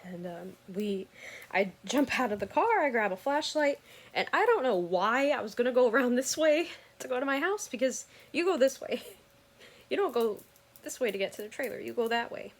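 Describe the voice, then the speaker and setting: A woman's voice: a little high, animated, normal speed. Earnest woman telling a personal story. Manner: earnest, rambling, self-correcting.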